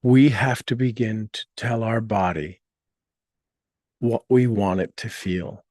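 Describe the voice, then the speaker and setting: A man giving a motivational talk to an audience, explaining ideas earnestly and guiding listeners through slow, deliberately repeated affirmations. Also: lowish voice, darkish tone, dry recording, clean studio sound.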